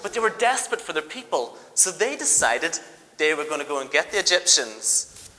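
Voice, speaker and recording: Lively teacher telling a story to a congregation: bright tone, long hall reverb. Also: mid-range voice. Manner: lively, directs helpers with quick requests and praise. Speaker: teacher leading a church education service. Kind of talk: acting out a Bible story with volunteers.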